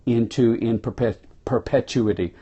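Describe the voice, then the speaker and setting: A Cajun man from South Louisiana with a mellow, warm tone and a middle pitch. He gives a folksy, exuberant motivational talk, speaking straight to his viewers. He streams from his phone in a small room. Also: fairly even intonation, moderate pace, breathy edge, dull audio.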